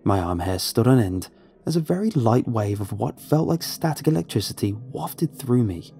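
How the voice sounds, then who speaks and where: Mellow-voiced man narrating a horror story. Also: medium pitch, animated, normal speed, vocal fry. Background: faint music.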